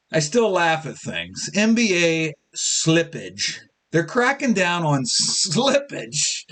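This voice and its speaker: Animated, high-pitched sports host. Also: male voice. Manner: animated, joking, mimics fans in quotes. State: a little tipsy. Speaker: sports talk show host. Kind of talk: casual sports talk monologue.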